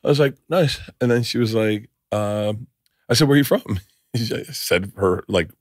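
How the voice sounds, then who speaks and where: A man's voice: lowish voice, unhurried, no echo, clean studio sound. A middle-aged man hosting a podcast, telling stories in a casual chat and laughing often. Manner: animated storyteller, laughs a lot. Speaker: podcast host.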